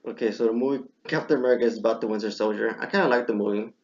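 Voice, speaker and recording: A young man hosting a casual chat, telling stories with lively bursts as he acts out his own reactions. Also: fairly low pitch, very fast. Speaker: podcast host. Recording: muffled lo-fi recording.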